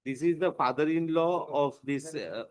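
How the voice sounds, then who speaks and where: A man with an Indian English accent presiding as judge in a courtroom, firmly questioning counsel and dictating an order with pauses and fillers. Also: a little high, a little mellow, clear, resonant tone, rough recording. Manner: stern, probing questions, slow dictation with fillers.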